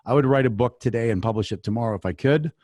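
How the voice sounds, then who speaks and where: A man answering interview questions as a company founder, talking energetically and telling quick anecdotes. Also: medium pitch, no echo, clean studio sound. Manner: energetic, animated storyteller. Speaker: business coach and guest.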